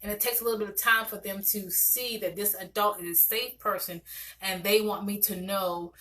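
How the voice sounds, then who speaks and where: Woman, therapist, bright and forward tone; chatty, animated teaching delivery with plenty of restarts. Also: mid-range voice, normal speed. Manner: animated and conversational, with many restarts. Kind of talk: casual teaching talk to parents.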